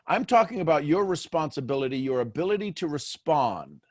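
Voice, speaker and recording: Male motivational host with a slightly high voice and dry sound. Talks straight to listeners, asks them questions and repeats phrases to drive points home. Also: animated, brisk, few pauses, no room sound. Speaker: host of a daily motivational show. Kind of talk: live motivational talk to listeners.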